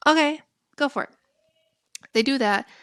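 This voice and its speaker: A young woman, a podcast co-host, candidly recounting a personal story and acting out her own past lines in lively bursts. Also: high voice, moderate pace, dry recording, studio quality. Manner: lively, candid, quotes herself in animated bursts.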